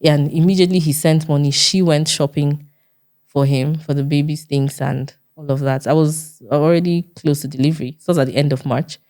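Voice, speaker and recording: A woman's voice: deep voice, fairly even intonation, a little fast, darkish tone. A woman with a Nigerian accent, a guest earnestly recounting a personal story in an interview and acting out the dialogue she quotes.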